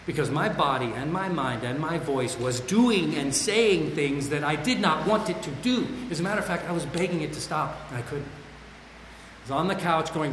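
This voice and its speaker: A man's voice: on the high side, normal speed, fairly bright tone, a little hiss or hum. A man sharing his own recovery story in a candid, raw, self-deprecating way, speaking to a group at a meeting. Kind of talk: candid personal testimony. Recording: echoey hall with long reverb, faint ambience.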